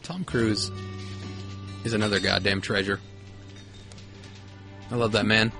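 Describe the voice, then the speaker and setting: A man's voice: fairly low pitch, flat delivery, unhurried, creaky, sharp tone. A man hosting a casual rewatch podcast, joking and swearing. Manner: joking, profane. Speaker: podcast host. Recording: music playing underneath.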